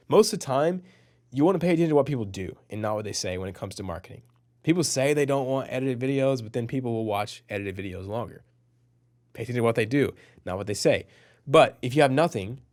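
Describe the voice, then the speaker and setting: A man's voice: mid-range voice, a little mellow. A young man in his twenties teaching an online copywriting course in an earnest, motivational way, with many fillers. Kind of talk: casual teaching to camera.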